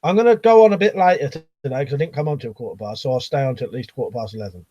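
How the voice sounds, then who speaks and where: A man's voice: medium pitch, racing, mellow, dull audio. A middle-aged man chatting casually on a live stream, reading out viewer comments and rambling, swearing freely.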